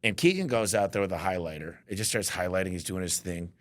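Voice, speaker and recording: A man's voice: sits low, fast. A man telling business stories in casual chat, acting out what others said to him. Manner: animated, quotes others in acted voices. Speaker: business owner guest. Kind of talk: casual storytelling.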